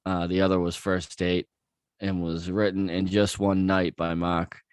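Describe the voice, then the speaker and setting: A man's voice: deep voice, little pitch movement, a little slow, clean tone, no echo, studio quality. A young man co-hosting a podcast, laid-back, reading his notes with fillers in casual chat. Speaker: podcast co-host.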